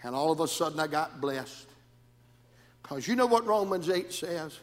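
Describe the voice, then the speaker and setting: A man preaching a sermon in a rhythmic style that swings from shouts down to near whispers. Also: on the high side, animated, normal speed, long reverb tail.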